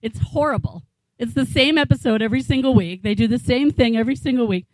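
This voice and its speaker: A woman's voice: a little high, fast, darkish tone, dry recording, rough recording. A woman in her forties doing a stand-up comedy set in a small bar, rambling and incredulous, swearing freely. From New England, USA. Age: 40s. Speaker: stand-up comic.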